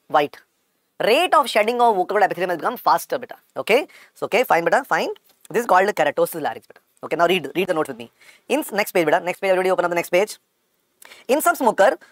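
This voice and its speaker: A man's voice: sits high, fairly bright tone, no echo, clean studio sound. A man with an Indian accent giving a medical exam-prep lecture, repeating every key point several times and calling his students "beta".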